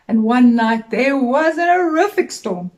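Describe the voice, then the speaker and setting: A middle-aged woman teacher gently speaking to young children in an assembly talk, telling them a story in a sing-song way. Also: high-pitched, animated, unhurried, rough recording.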